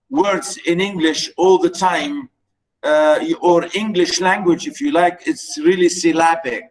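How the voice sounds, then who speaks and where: Slow male lecturer. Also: fairly high pitch, low-quality recording. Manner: repetitive, many fillers and restarts. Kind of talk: recorded lecture.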